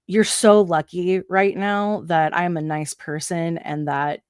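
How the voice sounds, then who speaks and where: An American woman casually telling a story, animated and profane, acting out quotes with sudden jumps in pitch. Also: slow pace, clean tone, no room sound, clean studio sound. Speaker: guest.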